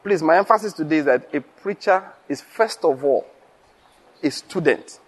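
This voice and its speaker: Chuckling pastor with a higher voice. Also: male voice, lively intonation, normal speed. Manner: conversational, chuckling, rhetorical questions. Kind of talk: teaching sermon.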